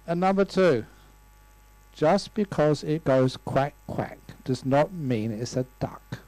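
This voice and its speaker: An older man gives a lighthearted Buddhist talk, spinning stories and acting out the people in them. His voice sits a little high. The sound is dry and close to the mic. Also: a little mellow, no room sound, rough recording. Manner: storytelling with playful voices and laughs. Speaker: Buddhist monk teacher. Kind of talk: humorous dharma talk. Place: lecture room.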